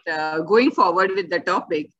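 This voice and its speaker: A woman's voice: on the low side, moderate pace, fairly bright tone, no room sound, muffled recording. A woman lecturing on a video call, explaining terms step by step with frequent "okay" and "uh" fillers. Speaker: lecturer on bioethics. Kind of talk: online lecture. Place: home or office, virtual webinar. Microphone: computer mic on a video call.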